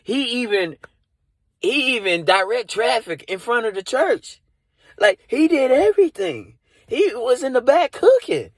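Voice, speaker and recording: A man's voice: very high voice, big pitch swings, a little slow, no room sound. A man doing improvised comedy from inside a car, rambling and leaning on "you know" and "like". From Dallas area.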